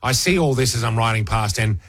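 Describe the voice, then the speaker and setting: A man's voice: mid-range voice, fairly quick, fairly bright tone, slightly rough, no echo. An Australian man hosting radio, telling a rambling, self-mocking story with many restarts, on a studio mic. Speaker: radio host. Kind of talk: casual storytelling chat.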